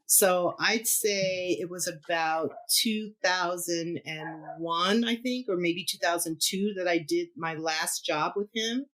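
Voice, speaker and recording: A middle-aged woman guesting on a podcast as a keyboardist tells a story in casual chat, her lowish voice slow with few pauses. Animated and quick to laugh, she acts out what others said.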